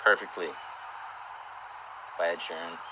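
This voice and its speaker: A man chatting casually on a livestream from home, upbeat and relaxed as he promotes upcoming shows. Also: low-pitched, a little slow, noisy background. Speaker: co-host of a livestream. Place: their home.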